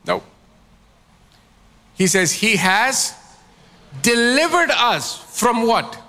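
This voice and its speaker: A man's voice: very high-pitched, very animated, drawn-out words, pushed and bright, long reverb tail. A man preaching a sermon as pastor, calling on his congregation to answer back. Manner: preaching with call-and-response prompts to the congregation.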